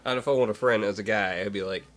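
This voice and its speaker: A man's voice: fairly low pitch, fairly even intonation, fast, noisy background. A man co-hosting a podcast, telling a story in casual chat with many fillers and restarts. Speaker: podcast co-host.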